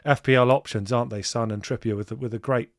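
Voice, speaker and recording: A man's voice: mid-range voice, steady tone, quick pace, no room sound, studio quality. A man hosting a casual chat interview, leading his guest with friendly questions and frequent tag questions like "right?". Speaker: podcast host.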